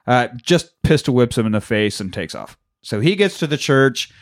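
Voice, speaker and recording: A man's voice: mid-range voice, fairly quick, few pauses. Profane, jokey male podcast co-host. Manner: profane, jokey, laughs often, acts out scenes. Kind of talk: casual film-recap chat.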